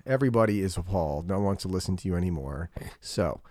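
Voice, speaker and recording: A man's voice: deep voice, expressive, fast, darkish tone, dry recording. A middle-aged man hosting a casual podcast chat, talking in an exasperated, scolding way. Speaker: podcast host and father.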